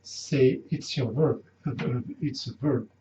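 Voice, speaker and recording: Slow, patient male language teacher. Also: mid-range voice, dark tone. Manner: slow, careful, repeats words to drill pronunciation. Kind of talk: unscripted language lesson. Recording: roomy, dull lo-fi with faint noise.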